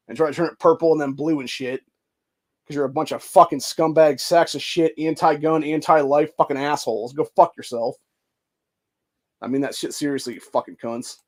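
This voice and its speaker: A man from Ohio hosting a podcast, ranting heatedly and swearing constantly while reading news and comments aloud. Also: fairly high pitch. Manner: profane, heated, swears constantly and says dude. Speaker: podcast host.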